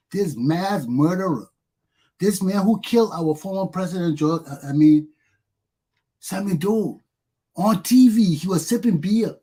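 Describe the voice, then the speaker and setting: A man's voice: sits high, darkish tone, slightly rough. A man from Liberia with a Liberian accent, giving a passionate solo commentary full of bitter laughter and sudden outbursts.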